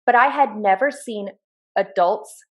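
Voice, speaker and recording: A woman in her thirties co-hosting a podcast, telling personal stories in an earnest, animated way. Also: mid-range voice, measured pace, lo-fi sound. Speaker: podcast co-host. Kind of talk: casual chat.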